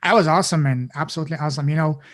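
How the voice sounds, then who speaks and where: A man co-hosting a casual podcast chat, a little higher-pitched than most men. He heaps on praise in an excited, halting way, restarting his sentences as he goes. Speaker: podcast co-host.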